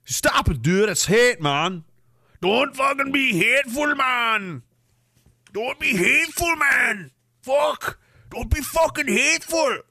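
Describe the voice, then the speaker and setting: A man putting on a rowdy, yelling Saskatchewan guy who keeps tacking on "man.". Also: high-pitched, expressive, takes it slowly, hardly any pauses, no room sound, clean studio sound, full character voice. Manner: slurred yelling, repeated "man". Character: rowdy hateful Saskatchewan guy, male adult.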